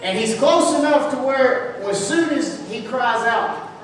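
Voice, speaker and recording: A man with a high, lifted voice preaches a fervent sermon, firing questions back at his congregation. He is picked up from a distance, so the words bloom and ring out through a big church hall with a long tail of reverb, and a faint room hum sits beneath him. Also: expressive, measured pace. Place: church sanctuary. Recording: echoey church hall from far off.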